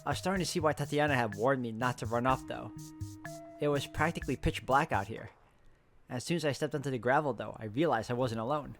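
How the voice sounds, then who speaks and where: A man's voice: medium pitch, fast, gravelly, fairly bright tone, faint music behind. Man reading a story aloud. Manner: plain first-person narration, casual swearing. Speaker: visual novel reader.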